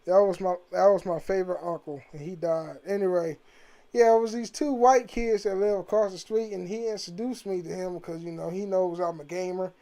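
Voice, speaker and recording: A man's voice: high-pitched, fairly even intonation, a little fast, dark tone. Brief: man, home gaming vlog, loose and profane, rambling, laughs a lot. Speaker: gaming vlogger. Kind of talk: casual rambling monologue.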